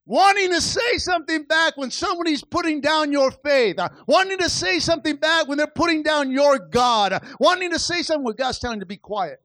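A man's voice: extremely high pitch, a little fast, hardly any pauses, bright, forceful tone, dry recording. A male pastor preaching a sermon, calling out to the congregation and dramatically acting out biblical characters as he tells their stories. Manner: call-and-response exhortation.

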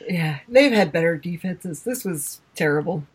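A woman's voice: fairly low pitch, expressive, moderate pace, slightly rough. A woman co-hosting a casual sports podcast, chatty and self-deprecating, fussy about how names are pronounced. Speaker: podcast co-host.

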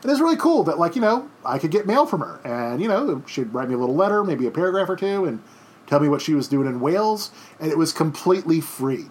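A man in his thirties lecturing his class from home, chatty and meandering, full of restarts and fillers. His voice sits a little high for a man. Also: expressive, brisk. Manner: rambling, conversational, many fillers and restarts. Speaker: teacher. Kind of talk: recorded history lecture. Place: home during quarantine.

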